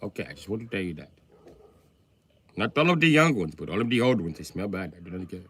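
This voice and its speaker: Man, livestream host, crude comedic rant, lively swooping pitch, bright tone. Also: fast talker, breathy edge. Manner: loose, crude, animated ranting.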